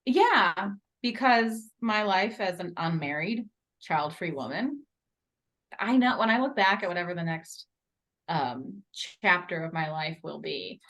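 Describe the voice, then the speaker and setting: A woman co-hosting a chatty podcast, her voice swooping up and down as she talks and laughs with a friend. She slips between bubbly jokes and softer reflective asides. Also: on the low side, animated, unhurried. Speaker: podcast co-host. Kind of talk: casual chat.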